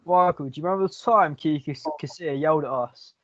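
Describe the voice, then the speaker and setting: Opinionated man, slightly high voice. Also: fast. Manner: opinionated, storytelling. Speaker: podcast co-host. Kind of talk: casual football chat. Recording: dry, dull, lo-fi mic.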